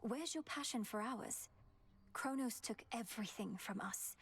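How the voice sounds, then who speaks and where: An actress voicing a grieving, resentful immortal woman in a video game, speaking in a reproachful, measured way, heard faintly from a distance. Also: a little high, husky.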